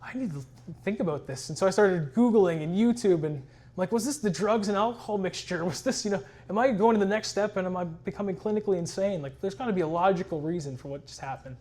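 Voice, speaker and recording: A man's voice: high voice, quick pace, darkish tone. A man sharing his personal testimony in an earnest, reflective storytelling way. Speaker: church member giving a testimony.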